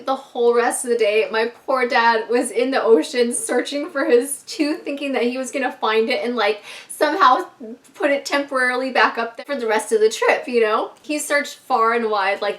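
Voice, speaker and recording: High-voiced woman chatting from a distance. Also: fairly bright tone. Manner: chatty, lots of 'like' and swearing, addresses viewers as 'you guys'. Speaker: vlogger. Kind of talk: casual storytime chat.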